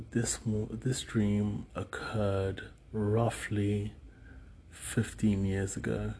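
Man, 30s, UK, deep voice with a rough edge, hesitant and rambling, faint hiss behind. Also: darkish tone. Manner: rambling, hesitant with many fillers. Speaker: solo speaker recounting dreams. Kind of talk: casual monologue.

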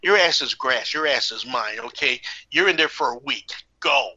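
A man's voice: medium pitch, expressive, normal speed, sharp tone, dry recording. A man voicing a gloating male gym teacher who taunts a student, in a lo-fi recording. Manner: taunting, smug.

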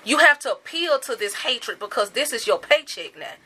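Woman, bright forceful voice, slightly high; impassioned commentary. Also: animated, moderate pace, husky. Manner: angry, emphatic and repetitive. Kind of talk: impassioned monologue.

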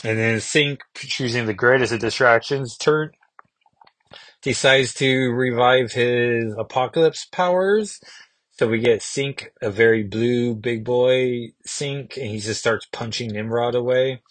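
A man's voice: medium pitch, unhurried, fairly bright tone, no echo. A man hosting a comic book podcast, recapping an issue in a casual, musing way and thinking aloud with small restarts.

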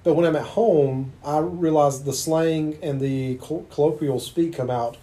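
A man's voice: fairly high pitch, steady tone, unhurried, mellow. A man from eastern North Carolina with a Southern accent, interviewing a guest in a chatty, anecdotal way. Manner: chatty, affirming, tells anecdotes. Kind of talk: conversational interview.

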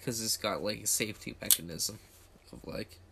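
A young man chatting casually as a podcast co-host. He talks in halting bits, often restarting his sentences. He drops offhand wisecracks between explanations. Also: fairly low pitch, vocal fry, bright, forceful tone, a little hiss or hum. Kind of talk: casual chat.

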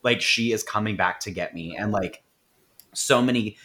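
A man's voice: fairly low pitch, normal speed, sharp tone. A man voicing a frightened young mother in a casual, profane movie recap. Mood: panicked.

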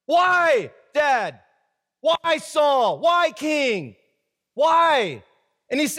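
High-voiced casual preacher in a hall. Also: male voice, fairly bright tone. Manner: reads scripture aloud, then riffs in slangy asides. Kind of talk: casual Bible-study sermon.

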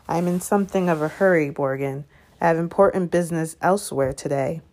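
A woman's voice: deep voice, fairly even intonation, normal speed, darkish tone. A woman doing cold, haughty Mr. Malfoy. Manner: cold, clipped, disdainful. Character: cold, haughty aristocratic wizard father.

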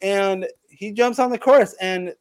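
A man's voice: high voice, unhurried, clean tone, dry recording. A man in casual comedic chat, rambling through a made-up story with lots of swearing and hype. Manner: rambling, profane, hyped storytelling.

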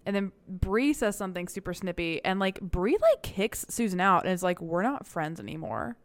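A woman with a mid-range voice, chatting on a podcast mic. She sounds giggly and animated, laughing often and repeating herself as she riffs on a TV show. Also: medium pitch, moderate pace, no room sound. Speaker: podcast co-host. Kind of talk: casual chat recapping a TV show.

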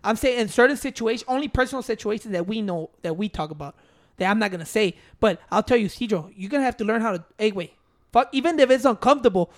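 A man's voice: high voice, animated, quick pace. A man telling stories in casual chat, rambling and profane. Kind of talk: casual chat, mixing Spanish and English.

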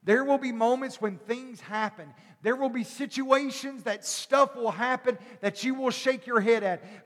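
A male pastor preaching a sermon, telling a story animatedly and acting out the characters before building to loud preaching. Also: extremely high pitch, a little slow, hardly any pauses. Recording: long hall reverb.

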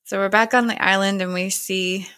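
A woman's voice: medium pitch, fairly even intonation, normal speed, sharp tone, no echo, studio quality. A woman hosting a podcast, casually recapping a TV episode scene by scene and lightly voicing the characters as she goes.

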